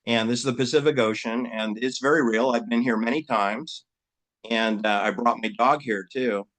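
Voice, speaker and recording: A man hosting his own channel in rambling casual commentary, animated and mocking, his voice jumping up high when he fires off rhetorical questions. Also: normal speed. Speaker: channel host.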